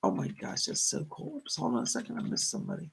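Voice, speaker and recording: A man's voice: very high voice, huge pitch swings, fast talker, vocal fry, slight background noise. A middle-aged man hosting a live stream of psychic readings, gushing as he thanks viewers by name. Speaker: psychic medium host.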